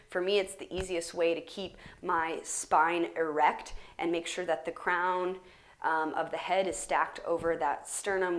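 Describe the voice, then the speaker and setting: A young adult woman teaching a guided yoga class, explaining in a relaxed, casual way with plenty of fillers, recorded on a camera mic. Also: on the low side. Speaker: yoga instructor.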